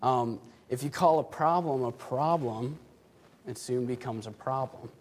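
A man's voice: medium pitch, measured pace, a little mellow. A young man giving a sermon in a church, telling stories and laughing often between phrases. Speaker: youth speaker. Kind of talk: sermon with storytelling.

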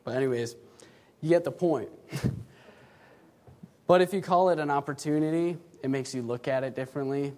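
A man's voice: medium pitch, moderate pace, pauses often, a little mellow. A young man giving a sermon in a church, telling stories and laughing often between phrases. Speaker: youth speaker. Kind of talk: sermon with storytelling.

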